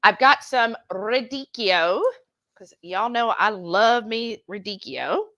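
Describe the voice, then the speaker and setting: A woman co-hosting a cooking livestream from a home kitchen, chatty and excitable, bantering as she cooks. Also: mid-range voice, slow pace, muffled recording. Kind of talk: casual livestream cooking chat.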